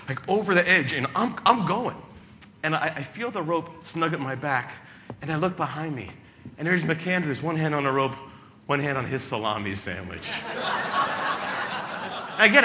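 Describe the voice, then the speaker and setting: A man from New Jersey telling comic adventure stories as a keynote speaker, with sudden loud bursts. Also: fairly high pitch, a little hiss or hum. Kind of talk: storytelling keynote speech.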